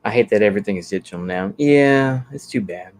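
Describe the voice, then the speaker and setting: On a livestream, a man from Texas, the channel's host, reacts to comments in a rambling, laid-back way, thinking aloud and using lots of fillers. His voice is lowish and darkish in tone, expressive, and a little fast.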